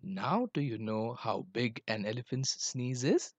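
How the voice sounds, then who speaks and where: A man's voice: medium pitch, lively intonation, measured pace, husky, no echo. A man voicing a cheeky male quail in a children's story, teasing.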